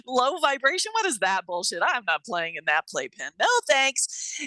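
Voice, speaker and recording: A woman talking as an interview guest in casual chat, animated and quick to laugh, with some salty language. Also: fairly high pitch, no echo, rough recording.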